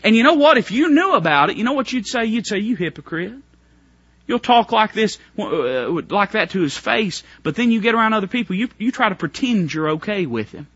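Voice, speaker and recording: Bright, husky-voiced fervent preacher man. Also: high-pitched, sing-song, brisk, dry recording, dull audio. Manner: fervent, stop-start preaching that swings from soft to loud. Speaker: pastor. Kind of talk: sermon.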